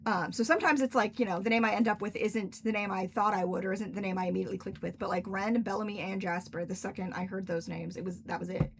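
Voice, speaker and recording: A woman's voice: mid-range voice, steady tone, fast talker, creaky, few pauses, slight background noise. A young woman hosting a casual livestream Q&A as an author, rambling and filler-heavy as she answers questions. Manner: chatty, rambling, frequent "like" fillers. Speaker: author and stream host. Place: indoors at home, in cosplay.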